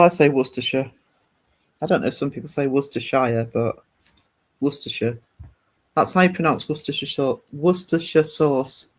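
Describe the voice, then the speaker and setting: Chatty man, slightly high voice. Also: a bit bright. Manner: chatty, rambling, reads out viewer comments. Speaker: art livestream host chatting with viewers. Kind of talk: casual livestream chat.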